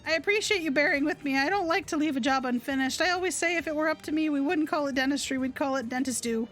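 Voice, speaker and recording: A woman's voice: high-pitched, fast, a bit bright, faint music behind. A woman reading as a chipper, punning dentist. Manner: upbeat, jokey, matter-of-fact.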